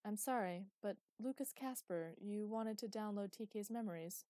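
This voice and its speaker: A woman reading the part of a shy, polite young female space-station AI who talks quietly and formally. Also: mid-range voice, moderate pace, no echo, clean studio sound, lightly acted.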